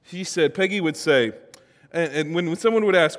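A man's voice: fairly high pitch, normal speed. A middle-aged man preaching a sermon as pastor in a large church auditorium, in a conversational, joking storytelling manner. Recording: long hall reverb.

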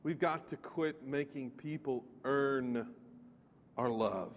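A man's voice: medium pitch, slow pace, big-room sound, slight background noise. A man preaching a sermon, emphatic and putting questions straight to the congregation. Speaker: pastor.

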